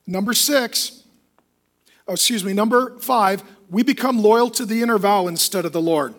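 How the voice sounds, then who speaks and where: A man preaching a sermon as a pastor, emphatic and lively, often acting out the voices of the people he quotes. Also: sits high, normal speed.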